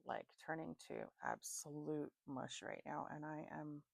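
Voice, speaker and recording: A sleepy woman talks through a casual psychic reading, tossing out names and places as they come to her. Her voice sits low with a gravelly edge, and the room sounds dry and close. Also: steady tone, unhurried, dry recording. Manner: free-associating, laughing at her own slips. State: tired, sleepy. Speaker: psychic reader.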